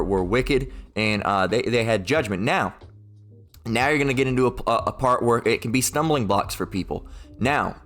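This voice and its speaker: A man delivering an informal, unscripted sermon-style rant at a middle pitch. He talks bluntly and swears freely, circling back on his points and checking in with listeners. He sometimes jumps up into squeaky mocking voices. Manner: blunt and profane, rambling, peppered with "all right?" and "okay?"; mocks opponents in raised put-on voices. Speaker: street-style preacher.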